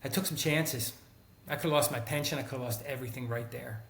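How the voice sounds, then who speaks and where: This middle-aged guest, once a teacher and school counselor, spins stories in a mid-range, creaky voice at a fairly quick pace, with a roomy sound. Animated throughout, he performs the voices of the people he's quoting.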